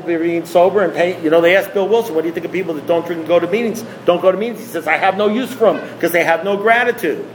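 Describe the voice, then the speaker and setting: High-voiced man preaching recovery. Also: a little hiss or hum, poor audio. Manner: emphatic, repetitive, full of rhetorical questions. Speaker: speaker at a recovery meeting. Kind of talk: impassioned talk to a group.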